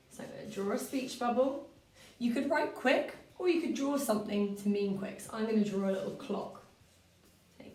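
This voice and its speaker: A woman's voice: mid-range voice, normal speed. Patient woman teaching in an echoey room. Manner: clear and patient, with lively expressive reading. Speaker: primary school teacher. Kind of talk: story-writing lesson for children. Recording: roomy, from a distance.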